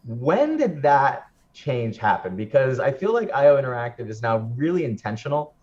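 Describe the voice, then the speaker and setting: Male interviewer, animated pitch, eager questions, dull lo-fi online call sound. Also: normal speed. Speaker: host.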